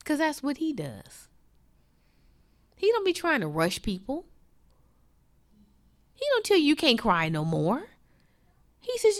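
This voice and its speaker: Impassioned woman preacher, lively pitch. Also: slow pace, long pauses. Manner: impassioned, swings from loud to hushed. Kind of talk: sermon.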